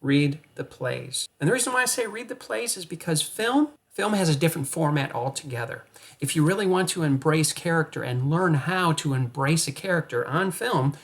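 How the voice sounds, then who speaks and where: Male acting coach, slightly raised pitch, energetic and playful, addresses viewers directly. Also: normal speed. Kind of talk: coaching monologue to camera.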